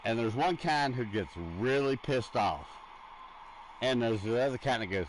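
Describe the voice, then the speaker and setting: A man co-hosting a casual gaming video, joking in a goofy, deadpan way and swearing freely. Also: medium pitch, moderate pace, noisy background.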